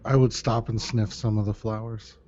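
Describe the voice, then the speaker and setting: A man's voice: lowish voice, little pitch movement, normal speed, warm tone. Male player, playful in-character moves, muffled slightly noisy audio. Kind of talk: casual tabletop play.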